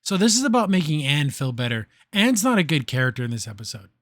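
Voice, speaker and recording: A man's voice: a little high, very animated, quick pace, a bit bright, no room sound, studio quality. A man hosting a podcast, recapping and criticizing a cartoon episode in a casual, sarcastic, blunt way.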